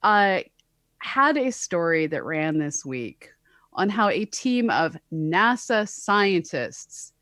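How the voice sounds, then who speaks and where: Wry low-voiced woman astronomer. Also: sing-song, takes it slowly, fairly bright tone, no echo, studio quality. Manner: wry, sarcastic asides. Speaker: co-host, astronomer. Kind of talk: casual science podcast chat.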